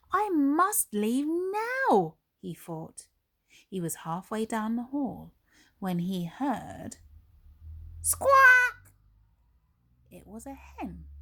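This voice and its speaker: Give me a teacher reading a storybook very slowly. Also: female voice, mid-range voice. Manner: slow and expressive, with dramatic pauses. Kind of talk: storybook read-aloud for young children.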